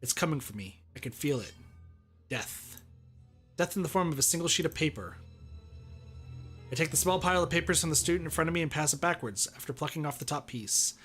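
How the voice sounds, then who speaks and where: A man streaming, reading a visual novel aloud in steady first-person narration. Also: fairly high pitch, fast, faint music behind.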